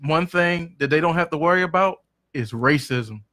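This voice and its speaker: A young man from Detroit co-hosting a casual podcast, telling stories in an animated, slangy, joking way. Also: a little high, moderate pace, no echo, clean studio sound.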